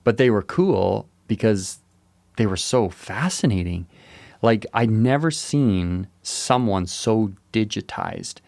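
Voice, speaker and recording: A man's voice: fairly low pitch, animated, takes it slowly, creaky, a little mellow, dry recording. A man co-hosting a podcast, telling rambling stories in a laid-back, joking way. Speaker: podcast co-host. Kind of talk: casual chat.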